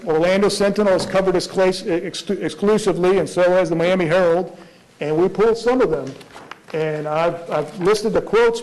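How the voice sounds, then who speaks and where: A man's voice: high-pitched, a little mellow, poor audio. A man arguing as prosecutor in a courtroom, pressing his point with rhetorical questions. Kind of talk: courtroom argument before a judge.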